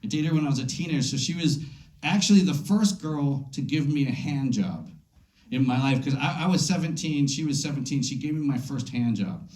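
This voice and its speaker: A man doing a stand-up set at a comedy club, rambling, calling out to audience members, and jumping into high silly voices for quotes. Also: expressive, a little fast, darkish tone. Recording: echoey club room. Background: audience laughter.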